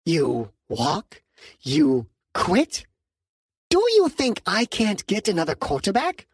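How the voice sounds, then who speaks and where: A man voicing a small, furry alien mob boss, haughty and menacing, speaking slowly and coldly in an audiobook. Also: sits high, wildly swooping pitch, slightly rough, dry recording, clean studio sound, voice pushed up, exaggerated voice. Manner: slow, cold, threatening. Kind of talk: audiobook character voice.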